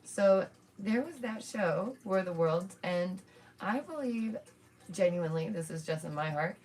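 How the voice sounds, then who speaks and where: A woman's voice: on the low side, expressive, a little slow, darkish tone. A woman hosting a casual live stream from home, chatting to her viewers as "y'all" with lots of asides and small laughs. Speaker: streamer and channel host.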